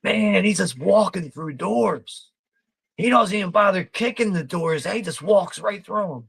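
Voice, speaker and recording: A man's voice: high-pitched, animated, a little slow, gravelly, a bit bright, slightly rough, no room sound. A man hosting a live watch party, commenting casually over a film, laid-back, swearing freely and laughing often.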